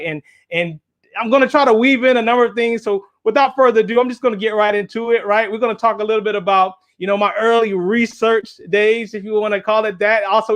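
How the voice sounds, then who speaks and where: A man with a strikingly high voice gives a guest talk, animated and chatty. He keeps turning to the crowd with "right?" and "y'all", and he acts out the people in his story with small put-on voices. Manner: animated, speaks straight to the audience with "y'all" and "right?". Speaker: guest speaker and engineer. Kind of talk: lively storytelling talk at a symposium.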